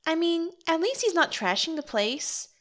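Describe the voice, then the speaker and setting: A woman doing a very high, goofy ghost girl. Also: very animated. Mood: easygoing. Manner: playful and silly, drawn-out speech. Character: goofy, easygoing young female ghost. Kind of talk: amateur audio drama.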